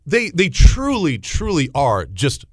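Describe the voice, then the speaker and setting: A young man speaking as a podcast guest, expressive and loose in casual conversation. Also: on the high side, slow pace, no room sound. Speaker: guest, sports broadcaster. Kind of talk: casual chat.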